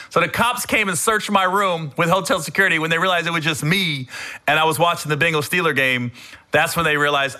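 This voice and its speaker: A middle-aged man hosting a podcast, telling comedic stories in an animated, rambling way with some swearing. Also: on the high side, a little fast. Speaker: podcast host. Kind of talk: comedic storytelling.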